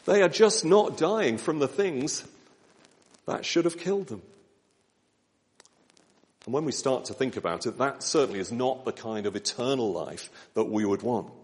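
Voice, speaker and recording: A man preaching a sermon in a gentle, measured way, slowing down with pauses for emphasis. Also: mid-range voice, animated. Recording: long church reverb.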